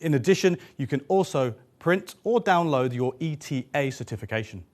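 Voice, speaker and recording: A man demonstrating a power tool, his pitch rising and falling with lively energy. He explains each step clearly and upbeat, like a presenter walking viewers through a product. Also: moderate pace.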